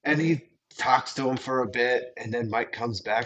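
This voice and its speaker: A man's voice: mid-range voice, moderate pace, fairly bright tone. A man telling a story in casual podcast chat, acting out quoted lines and laughing often. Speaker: podcast guest.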